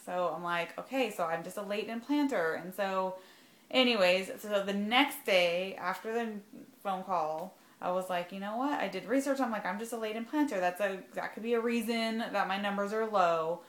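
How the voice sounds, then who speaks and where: A woman's voice: medium pitch, normal speed, fairly bright tone, echoey room. A young adult woman talking casually in a rambling vlog, full of "like" and "um". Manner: chatty, rambling, lots of "like" and "um". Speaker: vlogger sharing fertility journey.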